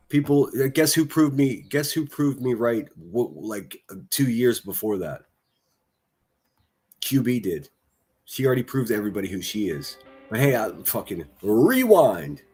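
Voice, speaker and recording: A man's voice: mid-range voice, darkish tone, slightly rough. A man hosting a livestream, reacting to clips with mocking, profane, sarcastic commentary.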